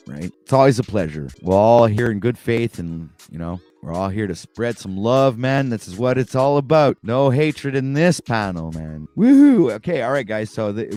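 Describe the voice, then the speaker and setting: A man's voice: fairly low pitch, darkish tone. A man hosting a casual morning livestream talk show, rambling and laid-back with many fillers and restarts. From Canada.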